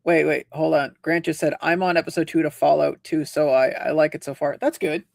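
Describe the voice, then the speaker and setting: Gravelly guy on a livestream, dry close mic, rambling through funny stories and doing the voices. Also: a little high, fairly even intonation, fairly quick, darkish tone, dry recording. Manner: rambling storyteller, acts out quoted voices. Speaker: livestream host. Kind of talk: casual chat.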